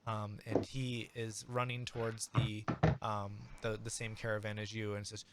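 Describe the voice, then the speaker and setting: A man narrating as game master in a halting, casual way. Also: lowish voice, monotone, heavy background noise. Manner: halting, many fillers and restarts.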